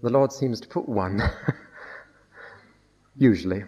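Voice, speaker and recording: Older male Bible teacher, lowish voice, sermon delivery with dry wit and anecdote. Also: slow, dark tone, slight background noise. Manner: wry storytelling, dry humor. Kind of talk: sermon with personal testimony.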